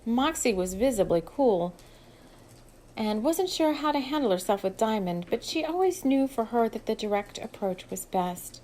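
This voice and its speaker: A woman's voice: fairly high pitch, animated, moderate pace, darkish tone, slight background noise, poor audio. A woman steadily reading her own novel aloud as an audiobook. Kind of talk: audiobook narration.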